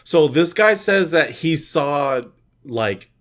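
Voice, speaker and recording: A man's voice: fairly high pitch, animated, fairly bright tone. A man co-hosting a casual podcast, talkative and full of fillers, setting up a scenario. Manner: talkative, many fillers, drops into quick put-on voices. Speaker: podcast co-host. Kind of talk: casual chat, posing scenarios.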